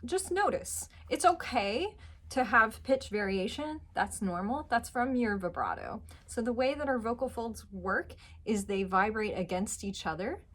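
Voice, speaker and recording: A woman teaching a singing lesson, patiently explaining pitch and demonstrating notes with her voice. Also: very animated, measured pace. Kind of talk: vocal lesson.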